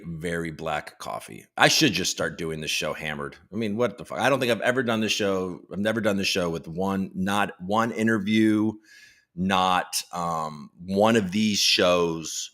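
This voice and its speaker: A man's voice: sits low, fairly bright tone. A man hosting a casual live stream, rambling and joking with lots of swearing, teasing his viewers and reading news headlines aloud. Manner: profane, rambling, self-mocking banter. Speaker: livestream host.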